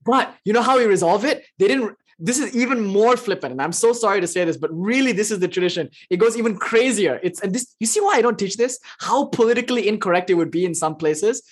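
Husky-voiced teacher, flippant and animated. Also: medium pitch, fast talker, few pauses. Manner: flippant, joking, swears casually; animated and expressive. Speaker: spiritual teacher. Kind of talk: informal spiritual lecture with chanting.

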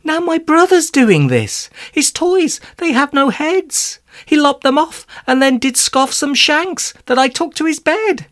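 A man's voice: wildly swooping pitch, measured pace, a bit bright, heavily acted. A man voicing a fretful, panicky schoolboy in a storybook reading. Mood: panicked. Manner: fretful, high-pitched panic. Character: anxious schoolboy.

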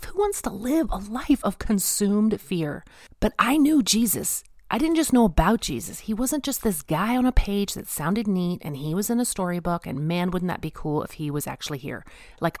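A woman's voice: on the low side, darkish tone, no room sound, clean studio sound. A woman giving a personal faith testimony, talking earnestly to her listeners and stressing points through repetition. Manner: addresses listeners directly. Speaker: speaker sharing her faith story.

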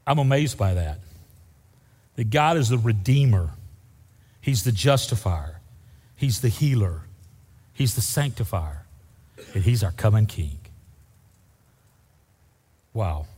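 A man's voice: lowish voice, expressive, slow pace, long pauses, slightly rough. Fervent older male pastor in a reverberant hall. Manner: fervent, swings from loud to soft. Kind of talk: sermon.

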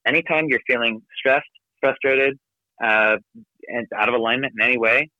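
A man giving an energetic, emphatic motivational talk from his office as a podcast guest. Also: medium pitch, dry recording. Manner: energetic, emphatic, rapid coaching delivery. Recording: dry, phone-like narrow sound.

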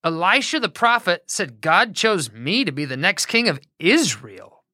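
A woman's voice: fairly low pitch, big pitch swings, unhurried, sharp tone, no echo, clean studio sound, exaggerated voice. A woman voicing a bold, laid-back male general who talks in a casual, swaggering way. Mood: pumped.

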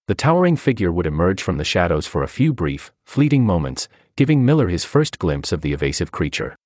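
A man reading a feature article aloud as scripted narration, in an expressive storytelling manner. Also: sits low, a little fast, hardly any pauses, no echo, studio quality.

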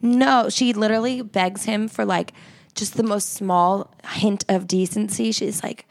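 A young woman co-hosting a podcast, excitable and quick with quips in casual chat. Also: mid-range voice. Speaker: podcast co-host. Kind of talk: casual chat recapping a reality show. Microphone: podcast mic.

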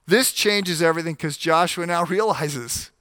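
A man preaching a sermon, animated, acting out the voices in the scripture stories as he goes. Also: fairly high pitch, normal speed, dry recording, studio quality. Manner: frequent restarts and fillers while explaining. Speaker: pastor.

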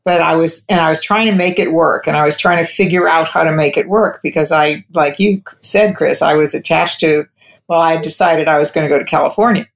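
Low-pitched and creaky, her voice keeps a fairly even intonation at a fairly quick pace. She's a guest in an interview, recounting something personal as she wanders, restarts her sentences, and quotes people.

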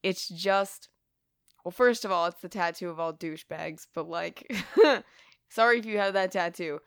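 A woman's voice: fairly low pitch, normal speed, smooth, no room sound, studio quality. A woman co-hosting a podcast, casually recapping a film with lots of laughter and swearing. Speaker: podcast co-host.

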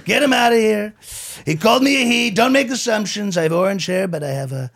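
A man's voice: high-pitched, animated, brisk, fairly bright tone, heavily acted. A man doing a brash boastful politician impression. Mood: mock-indignant. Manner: repetitive, boastful punchy phrases.

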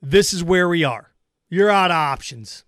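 A man's voice: sits high, lively intonation, measured pace, fairly bright tone, no room sound, studio quality. A man hosting sports radio, ranting with heated sarcasm and hammering repetition. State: angry. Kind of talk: angry monologue rant.

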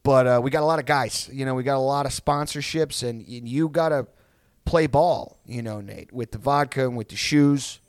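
A man imitating a smooth-talking male fight promoter, softly coaxing and placating. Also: mid-range voice, normal speed, no room sound, lightly acted. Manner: coaxing, soft.

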